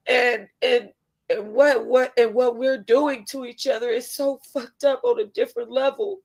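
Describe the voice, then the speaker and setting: Woman vlogger, heartfelt and emotional, voice sitting a bit high. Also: a little slow. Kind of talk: casual vlog talk.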